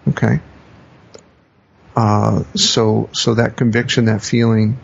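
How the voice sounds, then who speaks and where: Gravelly, husky man explaining slowly. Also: fairly low pitch, level tone. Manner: reflective, repeats and rephrases, acts out quoted phrases. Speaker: guest, coach and teacher. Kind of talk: conversational podcast explanation. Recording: dull lo-fi podcast audio.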